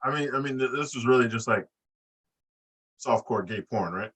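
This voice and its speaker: A man's voice: medium pitch, normal speed, fairly bright tone, slightly rough, recorded from a distance. A man co-hosting a casual wrestling podcast who talks in a profane, mocking way and does voices when he retells scenes. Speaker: podcast co-host.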